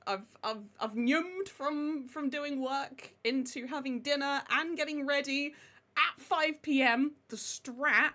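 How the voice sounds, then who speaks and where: Woman streamer, high bright voice, chatty and friendly with chat. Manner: chatty, greets viewers by name. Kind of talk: casual live-stream chat.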